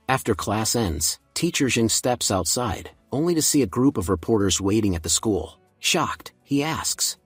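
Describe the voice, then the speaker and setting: A man narrating a comic recap in an even storytelling voice. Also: on the low side, moderate pace, hardly any pauses, husky, no echo, soft background music.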